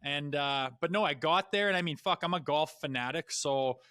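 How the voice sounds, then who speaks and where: Bright, dry-voiced man telling stories. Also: on the high side, normal speed, no room sound. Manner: blunt and profane, with animated asides. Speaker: podcast guest, retired hockey player. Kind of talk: casual storytelling.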